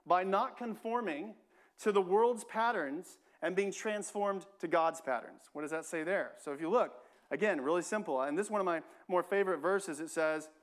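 A male pastor preaching a sermon in a church, talking in a conversational way, repeating phrases and adding frequent "right?" asides. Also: high-pitched.

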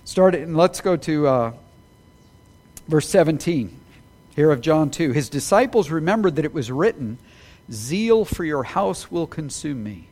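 Male preacher, high voice, lively and emphatic from the pulpit. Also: measured pace. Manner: animated, rising to emphatic peaks, apologetic asides. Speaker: pastor. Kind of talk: sermon.

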